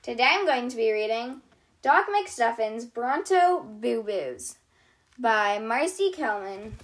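Host type: woman reading kids' books aloud, high voice, slow and gentle. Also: lively intonation. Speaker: storytelling channel host. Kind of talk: children's storybook read-aloud.

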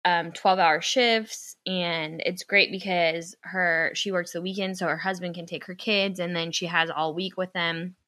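A young woman co-hosting a podcast tells a story in casual conversation, animated and quick to act out what others said, and she swears when annoyed. Her voice sits on the low side, with no echo.

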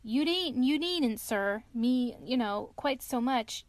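A woman's voice: on the high side, expressive, takes it slowly, dry recording, voice pushed up. A woman reading aloud, voicing a humble, deferential young male hedgehog servant in a storybook with rustic turns of phrase. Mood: respectful.

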